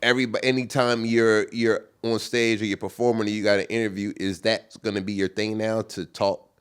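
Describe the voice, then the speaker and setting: A man's voice: fairly low pitch, flat delivery, a little fast, clear, resonant tone. A man who is a comedian, co-hosting a casual chat, who stumbles and repeats words while thinking. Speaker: comedian podcast co-host.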